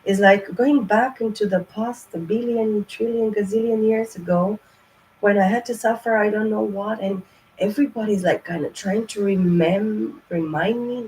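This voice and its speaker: A woman's voice: mid-range voice, unhurried, warm tone, rough recording. A woman talks through a tarot reading in a loose, casual way, full of fillers and restarts. She is blunt and swears freely as she drives her points home. Faint ambient noise sits behind her voice. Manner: blunt, profane and emphatic; rambling, with many fillers. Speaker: tarot reader.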